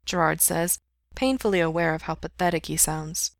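Casual: woman reading a story aloud, lowish voice, dry close sound. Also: moderate pace, vocal fry, no room sound. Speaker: reader. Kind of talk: audiobook narration of fiction.

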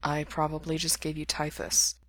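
A sick young man, worn out and dryly wry, speaking low and quiet, as a woman reads him. Close, dry recording. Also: level tone, unhurried, no room sound. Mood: tired. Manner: quiet, subdued.

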